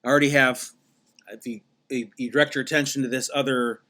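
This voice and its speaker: Guy playing a full-of-himself podcast guest, bright tense voice, rambles on and on. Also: medium pitch, steady tone, fast, close to an everyday voice. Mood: earnest. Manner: rambling, repeats himself, many restarts. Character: rambling self-important male podcast guest, adult. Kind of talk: comedic improvised interview.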